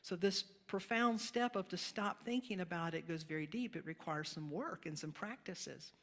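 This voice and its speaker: A woman's voice: on the low side, moderate pace, a bit bright. A woman pastor giving a sermon in a conversational, storytelling manner, laughing now and then with her congregation. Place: church sanctuary. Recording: reverberant sanctuary hall.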